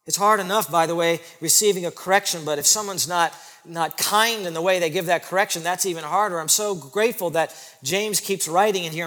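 Male pastor with a high voice, emphatic sermon delivery with loud and hushed turns, long hall reverb. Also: brisk, hardly any pauses. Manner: emphatic, repeats phrases for stress, swings from loud to soft.

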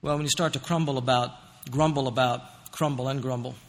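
A man preaching a sermon as pastor, fervent and emphatic, at times building to near-shouting. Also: medium pitch, fairly even intonation, a little fast, long reverb tail. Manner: fervent, rising to near-shouting in rhetorical questions. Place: church.

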